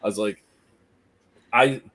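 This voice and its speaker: Husky man telling a story. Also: on the low side, takes it slowly. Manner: animated anecdote teller, laughs through his story. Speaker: podcast host. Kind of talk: casual storytelling.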